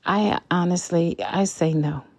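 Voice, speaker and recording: A woman's voice: fairly low pitch, a little slow, a little mellow, dry recording. An outspoken woman in her fifties vlogging frankly about her relationship, blunt and emphatic. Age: 50s. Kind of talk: candid relationship vlog.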